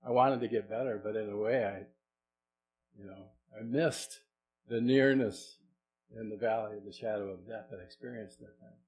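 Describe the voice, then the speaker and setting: A middle-aged man, a pastor, preaching a sermon in a conversational way, asking the congregation questions and moving between soft and loud delivery. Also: on the low side, moderate pace, background noise.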